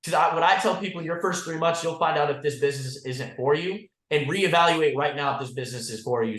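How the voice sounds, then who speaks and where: A man's voice: a little high, a little fast, hardly any pauses, a bit bright, reverberant. A man leading an insurance agency's team call, talking bluntly and profanely and saying "like" and "guys" constantly. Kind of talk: motivational team call talk.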